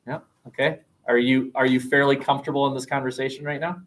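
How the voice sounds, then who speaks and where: A man lecturing a sociology class, animated and acting out quoted voices. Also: medium pitch, fast, low-quality recording. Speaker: sociology teacher.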